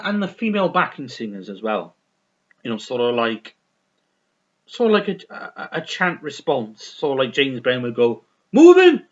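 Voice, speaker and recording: On a lo-fi recording, a vinyl record reviewer rambles through an unscripted chat about his record purchases, repetitive, enthusiastic and cursing freely. His voice is medium in pitch and a bit bright.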